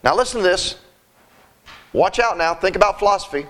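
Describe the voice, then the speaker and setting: High-voiced man preaching a folksy sermon. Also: lively intonation, a little fast, pauses often, fairly bright tone. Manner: folksy, emphatic, repeats words.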